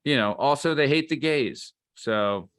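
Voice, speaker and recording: A man's voice: medium pitch, expressive, unhurried, fairly bright tone, clean tone, no room sound. A man hosting a podcast in casual chat, joking and rambling. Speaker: podcast host.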